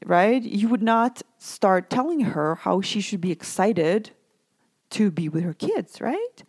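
A woman's voice: mid-range voice, very animated, measured pace, darkish tone, dry recording. A woman life coach for mothers speaking in a coaching monologue, reassuring, often asking "right?" and "okay?".

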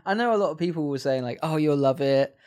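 A woman co-hosting a podcast as its producer, dry and teasing with quick quips. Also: sits low, expressive, darkish tone. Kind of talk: casual chat.

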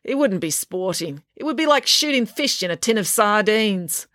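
A woman doing a quick-witted girl who teases with dry, mocking understatement. Her voice sits a little higher than a grown woman's and rises and falls expressively. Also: lively intonation, fairly bright tone, no echo, close to an everyday voice. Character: sardonic teasing schoolgirl.

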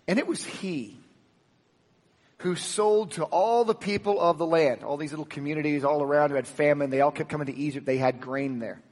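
High-voiced, animated preacher in a reverberant hall. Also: male voice, normal speed. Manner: animated, emphatic preaching with sudden loud peaks and soft drops; acts out the dialogue of the Bible story. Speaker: pastor. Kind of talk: sermon.

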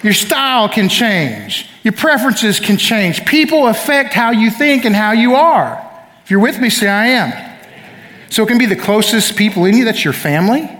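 High-voiced preacher in a reverberant hall. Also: male voice, sing-song, normal speed, a bit bright. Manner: emphatic, calls for audience responses. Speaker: pastor. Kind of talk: sermon. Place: church sanctuary. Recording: long reverb of a church hall.

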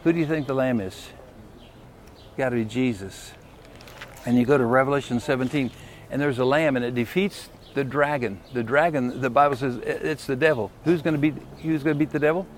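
A man's voice: medium pitch, fairly quick, a little hiss or hum. A man preaching a sermon in a folksy, emphatic way, often putting questions to the congregation.

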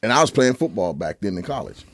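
A man's voice: on the low side, very animated, fast talker, no room sound, clean studio sound. A man in his sixties co-hosting a podcast, telling a story in a casual, laid-back way and swearing now and then. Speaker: podcast co-host. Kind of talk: casual chat.

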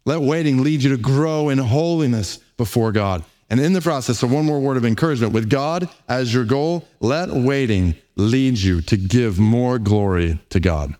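A man preaching a sermon, earnest and emphatic, slowing down on key words and reading scripture aloud between his points. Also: medium pitch, animated, mellow. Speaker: pastor.

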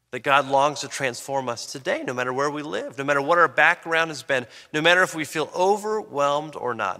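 A man preaching a sermon, reading scripture and then explaining it with emphatic swings in pitch and loudness. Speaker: pastor. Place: church sanctuary. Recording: long reverb of a large hall.

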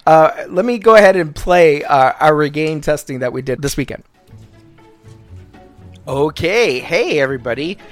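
A man hosting a podcast in casual chat, excitable and quick to laugh. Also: a little high, soft background music. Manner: laughs often, chatty and excitable. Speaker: podcast host.

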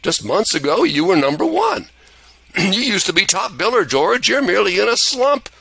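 A man voicing a grinning old male guardian angel in a chipper, coaxing, high voice. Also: big pitch swings, normal speed, vocal fry, bright, forceful tone, breathy edge, no room sound, heavily acted. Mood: knowing.

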